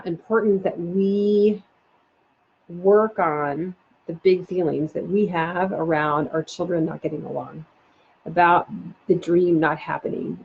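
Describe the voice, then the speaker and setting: A woman parenting coach giving a live online talk, animated and chatty with many fillers. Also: fairly low pitch, husky. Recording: dull lo-fi sound.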